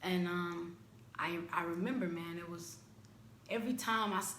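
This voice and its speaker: A woman from the United States giving a candid, searching personal reflection, with halting restarts. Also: medium pitch, fairly even intonation, a bit bright, roomy sound. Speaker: vlogger.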